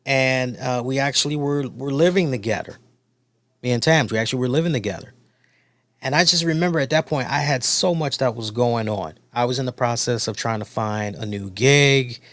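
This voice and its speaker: A man's voice: mid-range voice, moderate pace, fairly bright tone, dry recording. A man hosting a wrestling review show, talking in a casual storytelling way and repeating points for emphasis.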